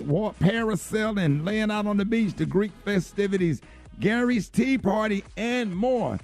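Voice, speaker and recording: A man hosts a morning radio show and talks up an event in a folksy, upbeat way. His voice sits fairly high, and soft music runs beneath him. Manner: folksy, upbeat promo delivery. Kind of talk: casual radio host chat.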